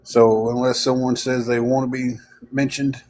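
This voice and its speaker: A man's voice: medium pitch, flat delivery, normal speed, a little mellow, poor audio. Guy on a stream, rambling along with lots of uhs and ums, laughs at his own stories, plain mid voice. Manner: rambling, filler-heavy, chuckling. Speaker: livestream host. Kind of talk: casual storytelling to viewers.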